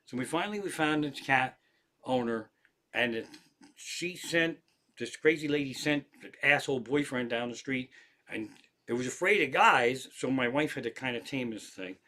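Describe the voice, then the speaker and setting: A man of mid-range voice talks at normal speed as a comedian hosting a livestream from an armchair at home. He spins casual, rambling stories, lively and full of swearing.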